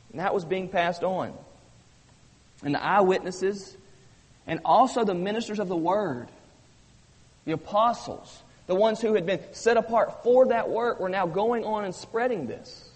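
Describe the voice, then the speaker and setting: A man's voice: high voice, unhurried, slightly rough. A man preaching a sermon as pastor, emphatic and repetitive, rising and falling for emphasis. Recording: long reverb of a hall.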